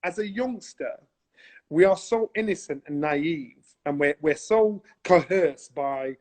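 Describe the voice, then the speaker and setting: Husky man telling stories. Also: a little high, slow. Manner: animated, acts out voices in his anecdotes. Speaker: guest. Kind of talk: casual storytelling in a conversation. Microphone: video call.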